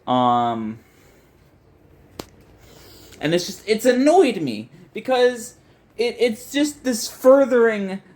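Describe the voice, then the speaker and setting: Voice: mid-range voice, sing-song, slow pace, pauses often, a little mellow. Profane, frustrated young video essayist ranting. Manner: profane, frustrated, rambling with restarts. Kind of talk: ranting commentary.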